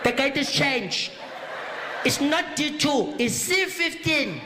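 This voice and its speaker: A man's voice: very high-pitched, lively intonation, takes it slowly, pitched above the performer's own voice, full character voice. A man voicing a rambling female airport gate announcer with a garbled announcing drawl. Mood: flustered announcing. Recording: roaring audience laughter and noise.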